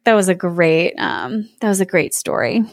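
A woman's voice: fairly low pitch, lively intonation, moderate pace, no room sound, studio quality. A woman reading a fairy tale aloud with an amused manner, chatting between passages. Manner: amused, laughs often while reading. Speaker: storyteller and co-host. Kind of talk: casual storybook reading with chat.

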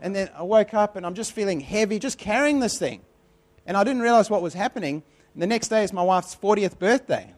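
A man's voice: high-pitched, lively intonation, a little fast. A man preaching a sermon in a conversational, repetitive way, telling personal stories with animation.

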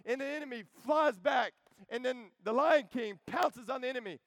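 A man in his thirties preaching a joking, animated sermon that calls out to the crowd. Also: very high voice, normal speed, vocal fry, no echo. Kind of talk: energetic camp sermon.

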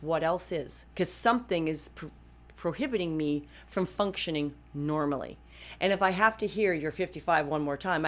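Woman in her fifties, low voice, chatty, emphatic, personal talk to viewers. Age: 50s. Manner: chatty and emphatic, with frequent restarts.

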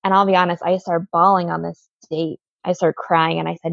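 A woman's voice: fairly low pitch, little pitch movement, fairly quick, vocal fry, hardly any pauses, no room sound, lo-fi sound. A woman guest telling a personal story in an interview, earnest, with lots of "like" fillers.

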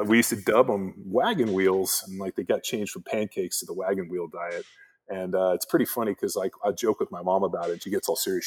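Deep husky guy in his 40s, rambling laid-back stories, lots of "like". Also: a little mellow. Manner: laid-back, rambling with many "like" fillers, acts out quoted voices. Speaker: podcast guest, former pro football player. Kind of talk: casual storytelling chat.

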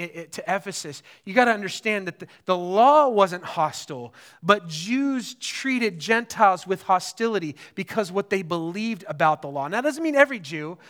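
A man preaching a sermon in a conversational, animated way, often checking in with the listeners. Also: high voice. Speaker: pastor.

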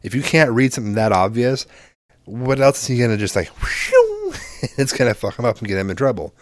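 A man's voice: fast, a little hiss or hum. A man co-hosting a casual podcast, telling a story with lots of swearing and acting out quoted exchanges. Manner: animated, swearing, acts out quoted exchanges with big pitch jumps. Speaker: podcast co-host.

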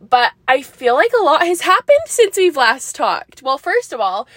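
Young woman, podcast host: chatty, rambling, giggly, slightly high voice, dry close sound. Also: big pitch swings, unhurried, fairly bright tone, no room sound. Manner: rambling, bubbly, laughs often, many likes and ums. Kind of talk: casual solo podcast chat.

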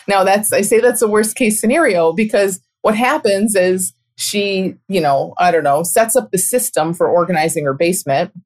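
A middle-aged woman hosting a talk show and coaching, speaking in an earnest, reflective way with soft laughs. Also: mid-range voice, moderate pace. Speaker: podcast host and coach. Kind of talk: conversational monologue.

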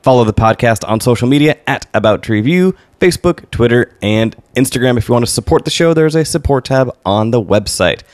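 A man's voice: mid-range voice, lively intonation, a little mellow, no room sound. A man hosting a podcast in a small studio, his voice swinging up and down with energy. He chats casually, laughs a lot and rattles through plugs. The sound is dry and close. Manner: upbeat, laughs often, lists plugs quickly. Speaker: podcast host.

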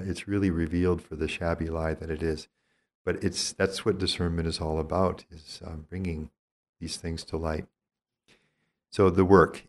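This is an older male priest giving spiritual teaching in a calm, reflective way. His voice sits very low and deep. He talks gently and thoughtfully, measuring each phrase and often pausing mid-thought.

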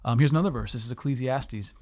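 A man in his thirties co-hosting a podcast, reading verses slowly and earnestly and chatting casually with an easy laugh. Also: medium pitch, darkish tone. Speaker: podcast co-host. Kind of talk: casual chat with scripture reading.

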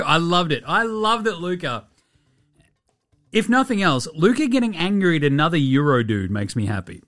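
An Australian man hosting a casual sports podcast, animated, swearing freely and laughing often. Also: fairly high pitch, moderate pace, no echo, studio quality. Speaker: podcast host.

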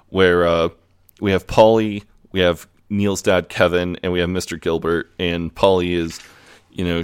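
A man recapping a TV episode on a casual podcast, retelling scenes in a relaxed way. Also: deep voice, smooth, no room sound. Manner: relaxed retelling, quoting characters in plain voice. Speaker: podcast co-host.

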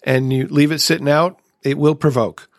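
A man's voice: on the high side, steady tone, moderate pace, no echo, clean studio sound. A man hosting a recovery podcast, sharing his own experience in a reflective, casual way. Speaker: podcast host.

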